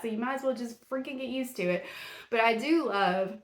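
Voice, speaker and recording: A woman's voice: on the high side, brisk. A woman hosting a true-crime podcast, blunt and indignant as she scolds the accused directly in casual commentary. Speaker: podcast host. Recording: roomy echo.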